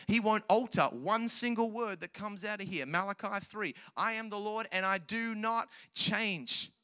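A man preaching a sermon in a church service, animated, swinging between hushed and loud passages. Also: fairly high pitch. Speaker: pastor. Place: church service with children present.

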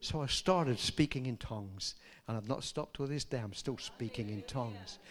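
An older man preaching a sermon, telling stories and rising to loud, emphatic peaks. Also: mid-range voice, normal speed. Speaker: pastor.

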